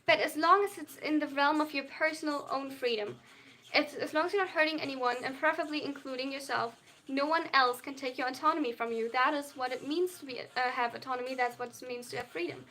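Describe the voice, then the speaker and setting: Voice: high voice, brisk, sharp tone, slight background noise. A young adult non-binary streamer with a German accent, earnestly reading out chat messages and answering them at length on a live stream. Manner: earnest, reads chat aloud and replies at length.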